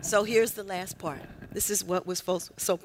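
A woman preaching a sermon with call and response, folksy and direct, swinging from shouts to near-whispers. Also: mid-range voice, fairly even intonation, moderate pace, slight background noise. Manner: folksy, talks directly to the congregation.

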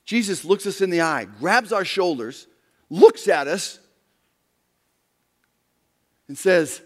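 A pastor preaching a sermon, swinging from quiet, low talk to loud, raised passages. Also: male voice, big pitch swings, a little slow. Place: church sanctuary. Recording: long reverb of a large hall.

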